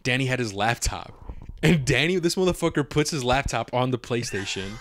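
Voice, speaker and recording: Animated, swearing young man telling a story. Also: medium pitch, normal speed, a little hiss or hum. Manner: animated, swears a lot, acts out his own quotes. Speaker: podcast co-host. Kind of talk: casual storytelling chat.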